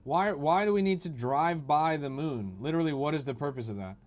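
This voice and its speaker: A young man hosts a crypto livestream, reading viewer messages aloud and tearing into them with profanity and mockery. His voice sits somewhat high for a man. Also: a little fast. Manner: profane, mocking, rants at chat. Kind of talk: livestream chat commentary.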